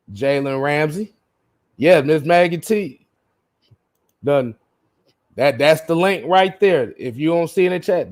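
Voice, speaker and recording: A man hosting a casual sports livestream, with a voice a little higher than most men's. He talks in a loose, laid-back way, laughs often and stumbles over repeated words while he reads out chat comments. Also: darkish tone. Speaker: livestream host.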